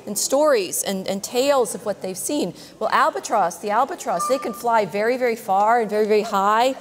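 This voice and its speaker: A woman reading a picture book aloud to children in a large church, lively, pausing to ask them questions. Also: mid-range voice. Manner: lively, asks questions, says "right?" often. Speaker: reader to children. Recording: long church reverb.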